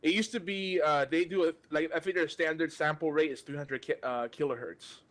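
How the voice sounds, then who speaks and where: A podcast host ranting with exasperation, his voice sitting a little high for a man. He stumbles and restarts as he keeps going, in loose, casual banter. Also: fairly even intonation, a little fast, a bit bright.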